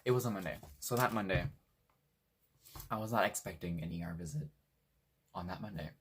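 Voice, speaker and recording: A young man from Washington State telling a story in a casual, animated way, swearing freely and acting out what people said. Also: low voice, fairly quick, husky. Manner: animated, swears a lot, acts out quotes. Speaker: vlogger.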